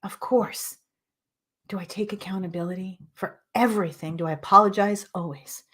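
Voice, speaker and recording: A woman's voice: mid-range voice, fairly even intonation, a little fast, a bit bright. A woman hosting a spiritual self-help show, speaking in an impassioned, emphatic way and repeating phrases for force. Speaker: spiritual teacher and show host. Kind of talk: impassioned motivational monologue.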